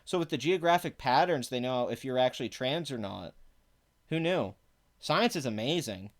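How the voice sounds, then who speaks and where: A man's voice: medium pitch, lively intonation, moderate pace. A man giving sarcastic, profane commentary, reading parts of an article aloud between exasperated rants. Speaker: online commentator.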